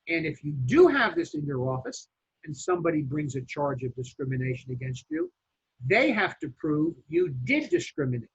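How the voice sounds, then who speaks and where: A real estate instructor, lecturing a class in an emphatic, lively way with fillers and restarts. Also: male voice, sits high, gravelly, slightly rough. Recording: dull lo-fi classroom recording.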